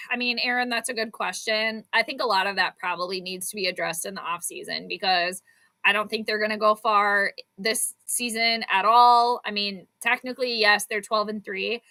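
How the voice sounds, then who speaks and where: A woman's voice: medium pitch, fairly even intonation, normal speed, bright, forceful tone. A woman hosting live sports commentary for her stream, exasperated and sarcastic about her team's play. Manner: exasperated, sarcastic, fired-up fan. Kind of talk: live game commentary and chat.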